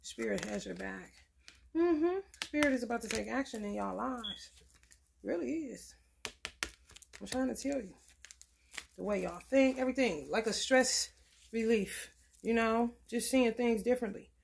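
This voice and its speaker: A woman's voice: a little high, measured pace, creaky, long pauses, a little hiss or hum. A woman giving a blunt, profane, preachy casual tarot reading. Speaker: tarot reader.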